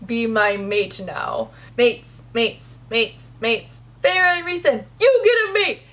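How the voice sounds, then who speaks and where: A woman's voice: mid-range voice, steady tone, extremely slow, fairly bright tone, pitched below the performer's own voice. A woman quoting a young heroine in a mock-dramatic voice during her book review. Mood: giddy.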